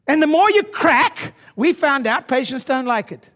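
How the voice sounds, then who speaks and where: A man in his sixties speaking at a seminar, brash and boastful, dropping to low asides and then pushing up into loud exhortation at the audience. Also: animated, normal speed, few pauses. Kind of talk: motivational seminar talk. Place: conference room before an audience.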